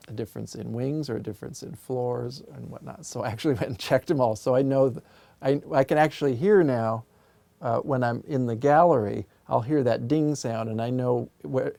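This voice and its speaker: Interviewee: a man with a gravelly voice in a dry office, an unhurried composer who explains his ideas thoughtfully. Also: medium pitch, mellow, dry recording. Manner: thoughtful, musing, explains with sung sound examples. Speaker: composer and music theorist being interviewed.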